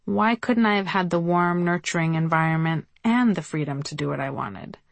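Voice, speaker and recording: A woman reads her memoir aloud in a wry, conversational storytelling manner. Her voice sits fairly low. The recording is dry and close, with no room sound. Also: normal speed, vocal fry, dry recording. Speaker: memoir narrator. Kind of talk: audiobook memoir reading.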